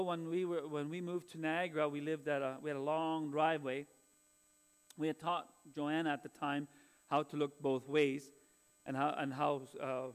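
Man, forties, pastor, earnest conversational sermon, high voice. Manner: earnest, conversational preaching with personal stories.

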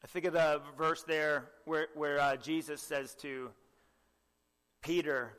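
A young man preaching a sermon with earnest exhortation, often asking the listeners direct questions and clearing his throat. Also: a little high, steady tone, moderate pace, fairly bright tone, long reverb tail.

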